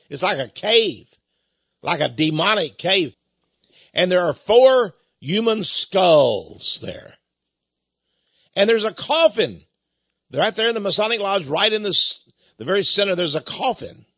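A man's voice: sits high, a bit bright, husky, no room sound. A man giving a dramatic storytelling lecture, emphatic, repeating words and lingering on key phrases, on a dull lo-fi recording. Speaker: lecturer on religion.

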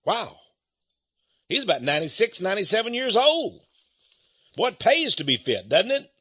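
A man's voice: high voice, big pitch swings, moderate pace, bright, forceful tone, slightly rough, dry recording, highs cut off. A middle-aged man hosting a rambling talk-radio monologue in a folksy, confiding way, chuckling between points.

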